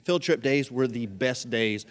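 A man preaching a sermon as pastor, animated and playful, acting out quick voices and jokes. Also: mid-range voice.

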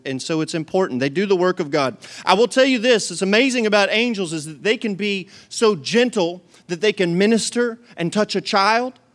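A man preaching a sermon to his congregation in a folksy, joking, animated way. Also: high-pitched. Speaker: pastor.

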